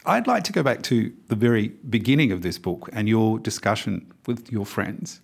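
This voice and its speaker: A man hosting an interview, asking measured conversational questions. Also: lowish voice, lively intonation, vocal fry, breathy edge. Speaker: interviewer host.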